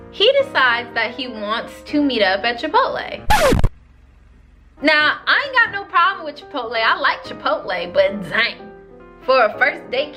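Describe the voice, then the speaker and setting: A young woman vlogger telling a dating story in lively, slangy storytime style. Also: sits high. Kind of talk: storytime vlog.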